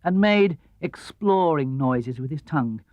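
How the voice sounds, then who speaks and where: Lively male storybook narrator. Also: unhurried, no room sound. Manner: lively, expressive, drops low and soft for narration tags. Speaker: audiobook reader. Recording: dull, dry 1970s LP studio recording.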